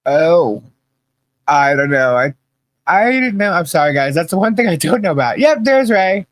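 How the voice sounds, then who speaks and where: A woman hosting a live podcast stream and reading the chat, chatty and halting, laughing often. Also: on the low side, very animated, no echo, low-quality recording.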